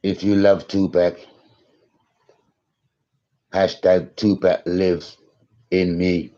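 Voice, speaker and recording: A man in his thirties talks slowly in a low, mellow voice, rambling and circling back to the same points with emphatic swearing. The recording sounds dull and lo-fi. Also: flat delivery. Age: 30s. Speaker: conspiracy vlogger. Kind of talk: rambling live-stream monologue.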